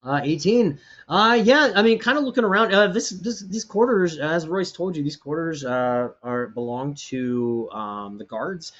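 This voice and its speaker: A man's voice: fairly high pitch, lively intonation, unhurried, few pauses, fairly bright tone, lo-fi sound. A man narrating as game master, describing scenes in a rambling way with many fillers.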